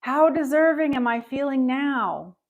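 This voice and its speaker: A woman's voice: high voice, animated, measured pace, highs cut off. A woman leading a live tapping session, upbeat and encouraging, reading out viewers' scores and having them repeat phrases after her. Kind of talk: guided tap-along with live chat check-ins.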